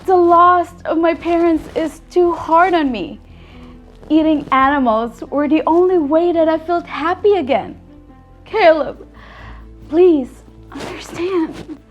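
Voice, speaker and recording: An actress playing a troubled young woman slowly pleading for forgiveness. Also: very high-pitched, lo-fi sound, faint music behind.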